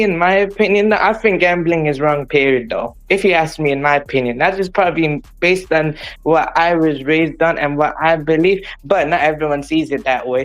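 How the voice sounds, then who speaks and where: Guy with a slightly high voice, hedgy, keeps saying though, casual talk. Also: a bit bright, low-quality recording. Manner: hedging, tags "though" on sentences. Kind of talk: casual chat.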